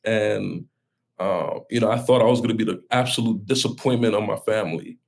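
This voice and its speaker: A man's voice: fairly low pitch, brisk, gravelly. A man, a pastor, sharing a personal story as a podcast guest in an earnest, heartfelt way, talking in run-on bursts with many restarts.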